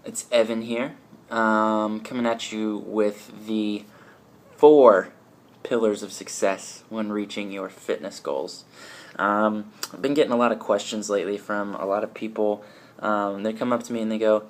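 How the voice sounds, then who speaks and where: A man's voice: fairly low pitch, level tone, a little slow. A young man, a fitness trainer, talking straight to camera in a chatty, upbeat way with plenty of ums and restarts. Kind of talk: casual talking-to-camera vlog.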